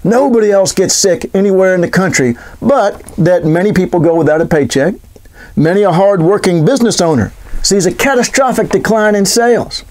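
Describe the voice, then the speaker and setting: Brief: male political commentator, high voice, sarcastic and animated. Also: fairly quick. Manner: sarcastic, animated, rhetorical questions.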